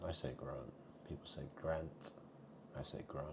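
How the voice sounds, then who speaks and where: A man vlogging in a rambling monologue, muttering asides and swinging between loud remarks and hushed ones. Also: rumbling low, steady tone, slow, gravelly, long pauses, a little hiss or hum.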